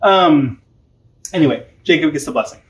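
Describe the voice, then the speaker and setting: A young man teaching catechism in a loose, chatty way, filling his talk with "like" and "um" and breaking into light laughs. His voice sits somewhat high for a man. He sounds informal and conversational. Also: animated, moderate pace, roomy sound. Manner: chatty and informal, many fillers, laughs often. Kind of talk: casual teaching.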